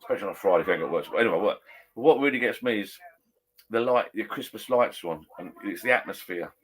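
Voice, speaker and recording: A middle-aged man rambles through a casual live stream from his garden bar shed. His voice sits fairly low. He talks in a chatty, blokey way, restarts his sentences, and reads out viewer comments as he goes. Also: lively intonation, fast, husky.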